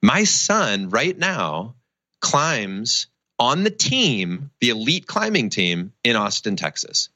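Animated, bright-voiced man telling a story. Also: mid-range voice, slow, no echo. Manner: animated storyteller acting out quotes. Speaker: guest, charity founder. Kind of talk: storytelling interview answer.

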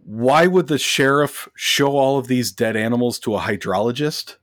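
A man's voice: medium pitch, moderate pace, a bit bright, dry recording, studio quality. Sarcastic man reviewing a movie. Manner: sarcastic, mocking; reads from notes, many fillers. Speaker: podcast co-host. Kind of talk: casual movie review chat.

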